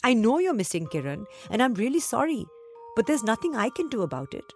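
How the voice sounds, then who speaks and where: A woman voicing a gentle, patient mother in a storybook reading. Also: a little high, very animated, brisk, faint music behind, voice pushed up. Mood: soothing. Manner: soothing, patient.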